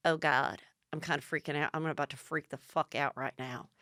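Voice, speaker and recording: A woman putting on an anxious, flustered rich Southern woman who talks in a hushed, fretful way. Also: mid-range voice, normal speed, clear, resonant tone, no echo, clean studio sound.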